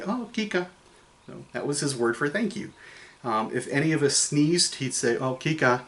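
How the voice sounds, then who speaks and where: A middle-aged male English teacher giving a casual recorded lecture in his classroom, chatty and joking, with many ums and uhs. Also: medium pitch. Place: classroom with a board behind him.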